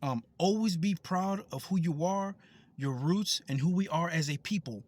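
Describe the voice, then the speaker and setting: A high-pitched man from the United States vents straight to camera in a heated vlog rant. He swears freely and hammers the same phrases again and again. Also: normal speed, a little mellow. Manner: heated, profane, repetitive. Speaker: vlogger.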